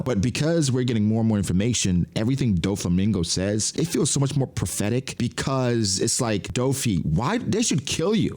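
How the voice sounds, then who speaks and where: Animated man talking manga theories. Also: lowish voice. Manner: animated, acts out characters' quotes in his own voice. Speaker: manga reaction podcaster. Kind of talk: excited solo commentary.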